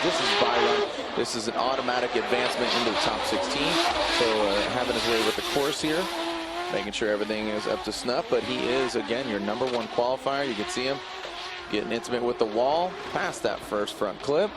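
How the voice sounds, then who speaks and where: A man's voice: brisk, very noisy. A man doing live play-by-play commentary at an outdoor drift event, his voice climbing as he calls the action. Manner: energetic, rises in pitch calling the action.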